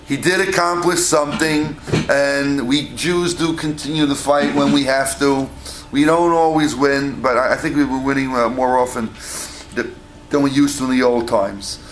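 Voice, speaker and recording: A man giving a storytelling lecture as a rabbi, animated and acting out the voices in his tale, recorded in a synagogue hall. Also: mid-range voice, normal speed, a little hiss or hum. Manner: animated, acts out quoted voices. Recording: echoey hall with faint ambience.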